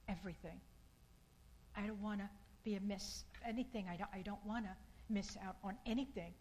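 A woman giving an informal sermon in a slow, earnest and repetitive way, with bursts of emphasis. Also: medium pitch, a little mellow, slight background noise, rough recording.

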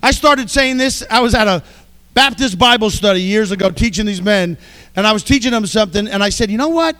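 A man preaching a sermon, fervent, swinging between soft passages and shouted exhortations. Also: sits high, a little fast, clear, resonant tone.

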